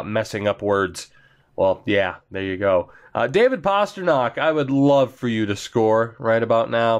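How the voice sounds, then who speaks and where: A man commentating his own hockey video game play, chatty and excitable, laughing often, while getting over being sick. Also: medium pitch. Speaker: gaming commentator.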